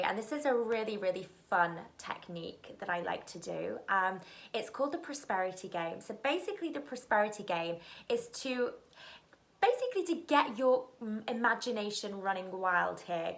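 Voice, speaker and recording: A woman hosts her own channel and talks straight to her viewers in a relaxed, encouraging way. Her speech is chatty and full of easy fillers. Her voice sits in an ordinary middle pitch. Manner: chatty, encouraging, frequent "you know" and "like". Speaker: video host. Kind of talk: casual talk to camera.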